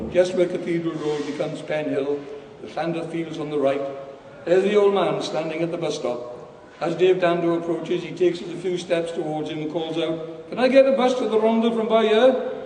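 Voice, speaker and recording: A man's voice: fairly high pitch, darkish tone. Man, live reading, wry, earthy, distant mic, faint background hum. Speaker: author reading his work. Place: large performance venue. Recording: echoey hall from far off, faint hum.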